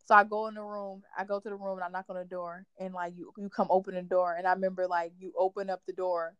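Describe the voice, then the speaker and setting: A young adult woman hosting a casual chat, telling stories in an animated way with plenty of "like". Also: lowish voice, quick pace, clear, resonant tone, no room sound, highs cut off. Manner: animated storyteller, fills talk with "like". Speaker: podcast host.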